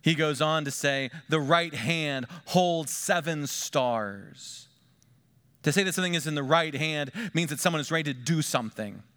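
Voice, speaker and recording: A middle-aged man preaching a sermon as pastor, moving between hushed, quiet asides and lifted, emphatic lines. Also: on the high side.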